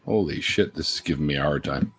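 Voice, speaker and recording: A man's voice: rumbling low, quick pace, slightly rough. A man hosting a casual livestream, rambling, swearing and laughing as he sips beer. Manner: rambling, laughs often, swears, greets viewers in stretched sing-song calls. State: drinking beer, a bit tipsy. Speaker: livestream host.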